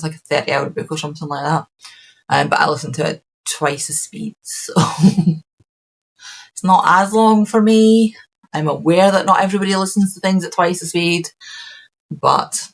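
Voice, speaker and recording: A Scottish woman with a deep, gravelly voice hosts a podcast, chatting casually and rambling with plenty of ums and restarts. The recording is rough.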